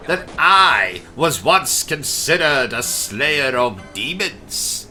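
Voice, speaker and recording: British male game host, pompous and slow-spoken with a very bright tone, faint music behind. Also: mid-range voice, sing-song. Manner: pompous, theatrical, exclamatory. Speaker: gaming channel host. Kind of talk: comedic let's-play commentary with skits.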